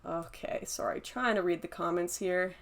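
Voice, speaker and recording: A woman's voice: lowish voice, steady tone, moderate pace, gravelly. A young adult woman hosting a casual livestream, chatty and laughing often as she reads and answers chat comments. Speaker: livestream host reading chat.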